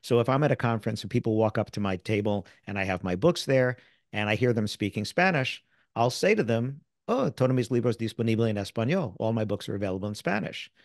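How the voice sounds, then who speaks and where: An American man, middle-aged, speaking as an interview guest and sales author, telling lively stories and acting out the people he quotes. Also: on the low side, fast, dry recording, studio quality. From United States. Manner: animated storyteller who acts out quoted people. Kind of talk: casual interview storytelling.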